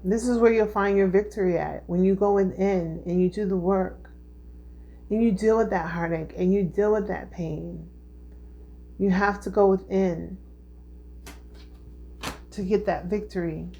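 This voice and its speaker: A woman's voice: mid-range voice, fairly even intonation, measured pace, creaky, pauses often, dark tone, lo-fi sound. Earnest woman giving a tarot reading. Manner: repetitive, earnest, keeps checking in with "okay?"; emotional, heartfelt. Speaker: tarot reader.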